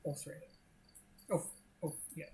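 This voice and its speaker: A woman's voice: dark tone, slight background noise. A woman playing a tabletop game, speaking casually and hesitantly. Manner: halting, unsure, casual. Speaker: player.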